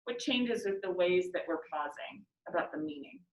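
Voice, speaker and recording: A woman's voice: on the low side, lively intonation, normal speed, echoey room, low-quality recording. A woman teacher leading a class discussion of a poem, chatty and laughing easily, reading lines aloud.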